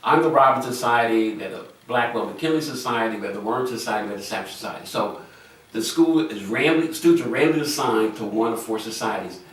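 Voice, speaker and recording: A man's voice: medium pitch, expressive, quick pace, a bit bright. An older man, a physician and medical school dean, telling stories earnestly and at length in an interview. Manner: earnest, anecdotal, explains at length. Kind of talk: interview storytelling. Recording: echoey room, distant mic, faint noise.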